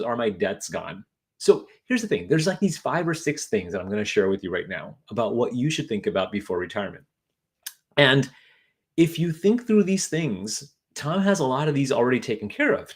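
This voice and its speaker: Regular guy hosting his money video, casual and jokey, keeps restarting sentences. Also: mid-range voice. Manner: chatty, joking, many fillers and restarts. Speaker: financial advisor, video host. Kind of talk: casual to-camera talk.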